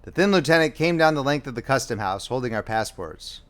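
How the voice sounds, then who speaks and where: A man narrating a novel audiobook with a steady storytelling delivery. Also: mid-range voice, a little fast.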